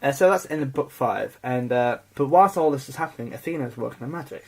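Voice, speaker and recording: A man's voice: medium pitch, expressive, fast. A man co-hosting a casual podcast, rambling with many "like"s and restarts. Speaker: podcast co-host. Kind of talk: casual chat.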